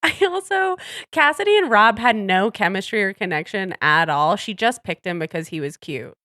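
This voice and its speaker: A woman's voice: medium pitch, animated, moderate pace, sharp tone, no echo. Chatty woman podcast co-host, dry mic. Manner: chatty, laughs often, trails off mid-thought. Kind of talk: casual chat.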